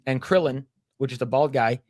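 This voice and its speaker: A man's voice: medium pitch, normal speed, a little mellow, no echo, studio quality. Rambling man retelling a cartoon plot. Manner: rambling storyteller, acts out quoted lines, swears freely. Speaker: podcast co-host.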